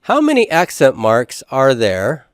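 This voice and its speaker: A man teaching a classroom lecture in a relaxed way, with frequent fillers and restarts. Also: medium pitch, a little slow, no room sound, studio quality.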